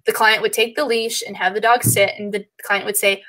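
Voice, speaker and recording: A woman dog trainer chatting casually, animated, laughing often and acting out her clients' voices. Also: medium pitch, fairly quick, few pauses, poor audio. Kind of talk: casual chat.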